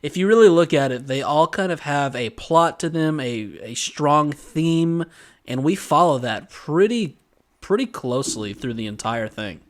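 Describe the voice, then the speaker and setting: A man's voice: a little high, animated, a little slow. A man co-hosting a casual podcast, teasing his partner with dry joking asides. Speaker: podcast co-host. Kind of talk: casual chat.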